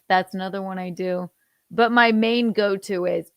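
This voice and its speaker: A woman in her thirties hosting a casual livestream chat, animated and laughing, swearing freely and acting out how she yells. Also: mid-range voice, moderate pace, clear, resonant tone, no room sound, studio quality. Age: 30s. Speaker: host.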